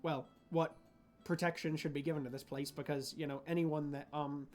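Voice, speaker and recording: A man voicing a halting, polite woman official. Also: low-pitched, steady tone, darkish tone, soft background music, lightly acted. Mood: hesitant polite. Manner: halting, polite, stumbling over words. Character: hesitant female official hosting a meeting.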